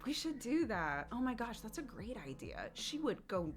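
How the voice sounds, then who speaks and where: A woman's voice: a little high, big pitch swings, normal speed, soft background music. A woman in her thirties, streaming and chatting casually while gaming, telling stories and laughing often.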